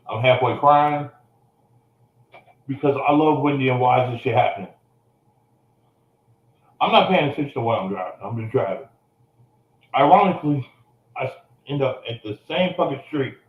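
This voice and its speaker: A man's voice: mid-range voice, expressive, moderate pace, pauses often, reverberant, lo-fi sound. A man telling an emotional personal story, blunt and profane, coughing now and then.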